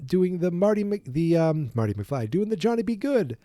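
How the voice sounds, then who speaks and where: A man's voice: high voice, animated, normal speed, warm tone, dry recording, clean studio sound, voice pushed up. A man voicing a frantic teenage boy time traveler, talking in an urgent, panicky rush. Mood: panicked.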